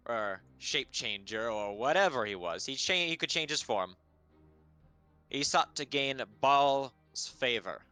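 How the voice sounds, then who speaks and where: A man's voice: mid-range voice, sharp tone, clear, resonant tone, no room sound, voice pushed up. A man voicing a cocky male detective in a tabletop game, with a put-on New Jersey accent and swaggering, emphatic delivery. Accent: mock New Jersey.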